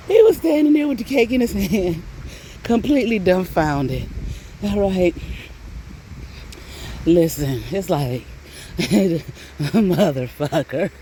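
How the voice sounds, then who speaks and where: A middle-aged woman chatting casually, animated and laughing often, with frequent swearing, while out on a walk. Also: mid-range voice, slight background noise. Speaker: vlogger. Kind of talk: casual storytelling chat. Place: outdoors on a walk.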